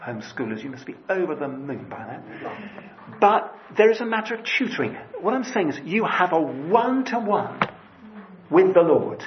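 A man's voice: on the high side, very animated, normal speed, lo-fi sound, slight background noise. A man preaching a sermon in church, talking in a loose, conversational way with restarts and asides.

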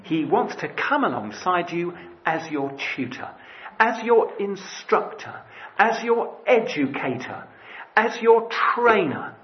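A man's voice: sits high, sing-song, slow pace, lo-fi sound. A man preaching a sermon in church, talking in a loose, conversational way with restarts and asides.

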